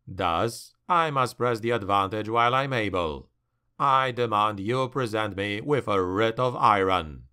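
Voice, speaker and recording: A cunning male dark elf noble, calm and persuasive, played by a man narrating a fantasy audiobook. He speaks low and smooth at an unhurried pace, never raising his voice.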